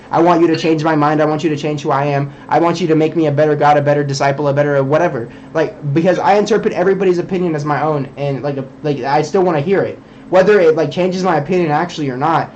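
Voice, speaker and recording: A man rants quickly through a live-stream monologue. His voice sits a little high, and he rambles and swears his way from point to point. The audio is slightly dull and muffled, with a faint hiss behind it. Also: darkish tone. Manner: rambling, profane, filler-heavy ranting.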